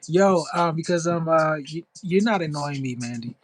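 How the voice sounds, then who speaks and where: A man's voice: a little high, lively intonation, moderate pace, a little hiss or hum, low-quality recording. A middle-aged man, a content creator and actor, talking casually on a livestream in an upbeat, chatty way, full of "like" and "you know". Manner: answers live chat comments.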